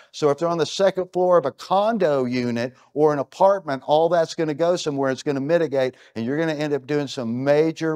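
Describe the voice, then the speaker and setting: A man's voice: a little high, a little mellow. A middle-aged American man giving a conference keynote in a punchy, emphatic way, full of rhetorical questions. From United States. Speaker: keynote speaker. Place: stage at an event.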